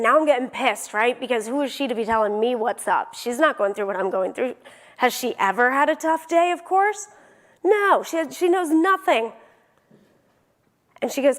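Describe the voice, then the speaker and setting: A woman's voice: high voice, moderate pace, big-room sound. A young adult woman giving a motivational keynote, telling a personal story vividly and acting out the dialogue.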